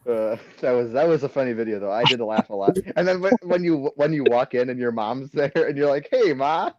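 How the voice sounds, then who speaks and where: A man's voice: medium pitch, lively intonation, brisk, noisy background. A teenage boy hosting a casual podcast over a phone call, rambling with restarts and laughing easily. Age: teens. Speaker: podcast host. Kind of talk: casual chat.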